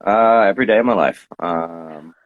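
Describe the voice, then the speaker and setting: A man's voice: sits low, moderate pace, narrow, tinny audio. A man chatting casually as a guest, telling playful, rambling stories while suffering from hay fever. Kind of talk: casual chat.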